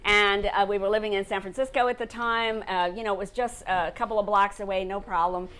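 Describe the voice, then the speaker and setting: A woman from India, an author, telling her personal story to an audience at an indoor event in a measured, relaxed way. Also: mid-range voice. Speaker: author speaking at a salon event. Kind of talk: casual storytelling talk.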